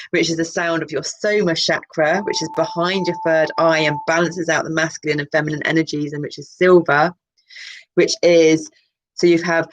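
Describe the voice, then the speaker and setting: A woman's voice: low-pitched, fairly even intonation, moderate pace, muffled recording. A woman reading a colour card list aloud as a channel host, drifting into musing, self-interrupting asides.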